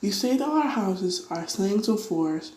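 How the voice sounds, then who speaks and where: A woman's voice: mid-range voice, animated, unhurried, darkish tone, reverberant, close to an everyday voice, rough recording. A woman voicing a tiny, grateful male mayor in a piping, polite voice.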